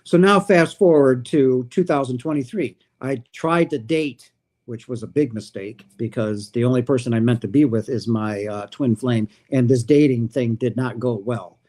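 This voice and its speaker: Animated man telling a spiritual story. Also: mid-range voice, moderate pace. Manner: animated, acts out quoted dialogue. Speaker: livestream host.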